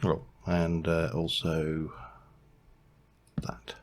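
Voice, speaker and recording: Low, unhurried gaming narrator. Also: male voice, completely flat delivery. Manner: rambling, thinks aloud, hums to himself while building. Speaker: let's play host. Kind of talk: gameplay commentary.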